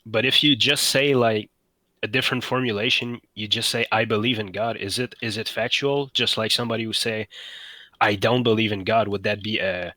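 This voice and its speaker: Tentative man asking questions, lowish pitch, forceful tone, dry sound. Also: steady tone, a little fast, no room sound. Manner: tentative questioning, repeats words. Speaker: participant. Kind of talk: casual discussion.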